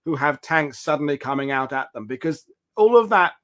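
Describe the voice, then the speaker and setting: A man's voice: fairly high pitch, animated, a little fast, fairly bright tone. A man hosting a history show, chatting casually and reflectively and thinking aloud as he talks. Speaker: show host. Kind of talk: casual discussion.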